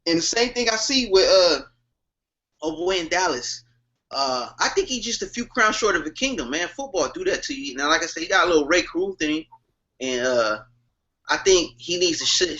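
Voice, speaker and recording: A man co-hosting a podcast, chatting about sports in an animated, storytelling way. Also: moderate pace, dull audio. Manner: animated, storytelling, swings up in pitch when emphatic. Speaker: podcast co-host. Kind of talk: casual sports chat.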